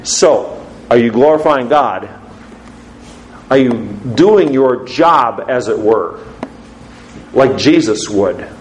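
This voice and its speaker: A man preaching a sermon as pastor, putting questions to his congregation in an emphatic, lively way. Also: mid-range voice, slight background noise. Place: church sanctuary. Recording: roomy church echo.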